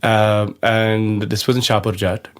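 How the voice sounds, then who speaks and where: A man with an Indian English accent, a guest artist telling stories in a casual interview, animated and mixing in Hindi phrases. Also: on the low side, unhurried.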